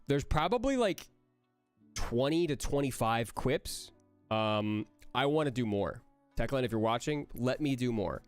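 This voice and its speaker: A man, a voice actor, answering chat questions on a casual livestream in an energetic, rambling way that jumps between jokes and praise. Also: medium pitch, unhurried, clean tone, dry recording, soft background music.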